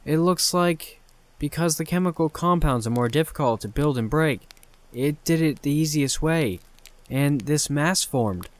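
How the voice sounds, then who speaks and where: A man voicing an excitable teenage boy inventor who rambles and boasts, raising his voice to play him. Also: on the high side, a little slow, dry recording, pitched above the performer's own voice. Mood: puzzled.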